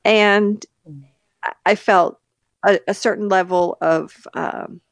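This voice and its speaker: Woman, podcast co-host, candid animated storyteller, close dry mic. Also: medium pitch, slow pace, no room sound. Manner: animated, candid, laughs between sentences. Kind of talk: casual storytelling chat.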